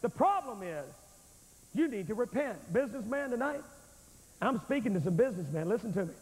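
A man's voice: high-pitched, big pitch swings, a little fast, long reverb tail, low-quality recording. A man preaching a fiery revival sermon in a large church, emphatic and calling his listeners friend, recorded on an old VHS tape.

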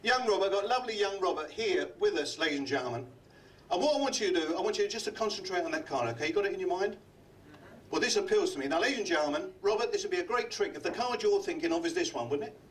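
An older comedy magician from London works the room, teasing guests with quick gags. His voice sits high for a man. He is picked up from a distance in a hotel function room. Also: expressive, slight background noise. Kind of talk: live club comedy act.

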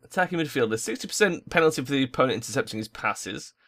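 Sweary young man, bright voice. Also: mid-range voice, expressive, fast. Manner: frustrated, sweary ranting. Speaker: gaming YouTuber. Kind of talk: gameplay commentary.

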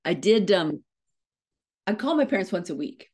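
A middle-aged woman, a motivational speaker, telling a story with fast, self-mocking humor and frequent laughs. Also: lowish voice, very animated, darkish tone, breathy edge. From Canada. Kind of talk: storytelling keynote talk.

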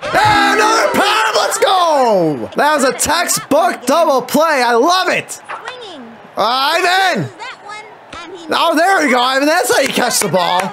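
A man with a very high voice talks slowly through his baseball video game. He cheers, groans and swears at each play. Game music plays clearly behind him. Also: sing-song, shouting. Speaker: gameplay commentator. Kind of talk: let's play commentary.

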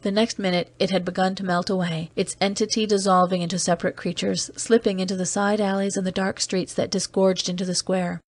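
A terse, weary agent tells his own story, read by a woman in an audiobook. The delivery is steady and measured, recorded dry and close. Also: mid-range voice, no echo, natural voice. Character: weary man, seasoned off-world agent, terse. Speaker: audiobook reader. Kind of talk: scripted narration.

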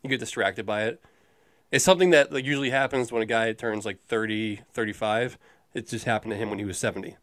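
A man's voice: fairly low pitch, fast, fairly bright tone, no room sound, clean studio sound. A man co-hosting a movie review podcast, chatting casually in a rambling, jokey way with the odd swear. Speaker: podcast co-host.

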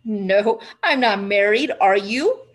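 A woman reading aloud and voicing a self-assured teenage boy in a storybook, relaxed, dry and amused. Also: mid-range voice, takes it slowly.

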